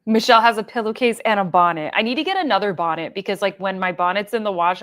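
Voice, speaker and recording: A woman's voice: mid-range voice, quick pace, a bit bright. A young adult woman hosting a casual livestream, chatting loosely and reading viewer comments aloud with plenty of fillers. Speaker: livestream host.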